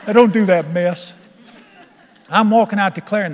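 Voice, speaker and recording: An older male pastor preaches a sermon in a high, bright voice, folksy and emphatic, laughing along with his own stories. His intonation is lively and his pace moderate, with a church sanctuary's long reverb around him.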